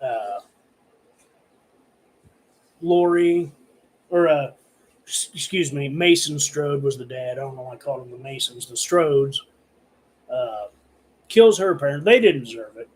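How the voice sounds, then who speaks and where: A man with a mid-range, slightly mellow voice speaks unhurriedly and pauses often as he rants to his self-recording camera about horror movies. His talk is heavily profane, rambling and filler-laden, and the recording quality is low.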